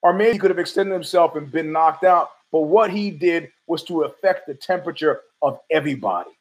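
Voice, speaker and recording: Guy ranting on his podcast, kinda high voice, swears a lot, argues with himself. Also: fairly quick, poor audio. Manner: rambling, profane, argues with himself. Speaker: podcast host. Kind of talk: casual monologue.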